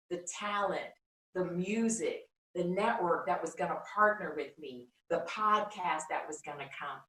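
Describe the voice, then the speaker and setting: Animated woman telling a faith story. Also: medium pitch, recorded from a distance. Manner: expressive storyteller, acts out dialogue with God. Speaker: guest, founder of a faith project. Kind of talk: animated faith testimony in conversation. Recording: roomy sound, speaker away from the mic.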